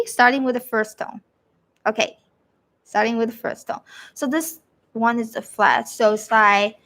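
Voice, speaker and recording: A woman with a fairly high voice teaches Mandarin over a live stream. She speaks in an unhurried way, stretching out the tones and repeating each example so viewers can follow. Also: a bit bright. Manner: demonstrates tones by sliding her voice up and down, repeats phrases slowly. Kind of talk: live-streamed language lesson.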